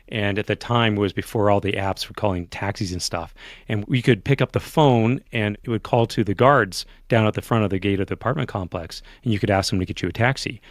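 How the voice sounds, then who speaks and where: A man's voice: fairly low pitch, brisk, no echo, clean studio sound. A man hosting a podcast, chatting in a friendly, playful way and laughing at his own stories. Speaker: podcast host. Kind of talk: podcast interview and outro.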